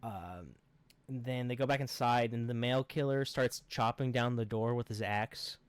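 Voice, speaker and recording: A man's voice: mid-range voice, normal speed, smooth. A man co-hosting a podcast, casually recapping a film in a rambling, profane, sarcastic way. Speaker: podcast co-host.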